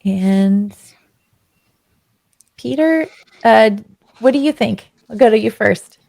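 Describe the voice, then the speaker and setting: A woman's voice: fairly high pitch, animated, takes it slowly, vocal fry, a little mellow, dry recording. A woman hosting an online panel, handing questions to panelists. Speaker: event host.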